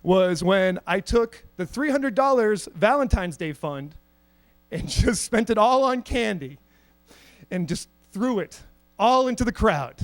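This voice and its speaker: High-voiced young man doing stand-up. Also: animated, unhurried. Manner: storytelling, self-mocking, acts out quoted voices. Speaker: stand-up comedian. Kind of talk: stand-up comedy set. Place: comedy stage at an arts center.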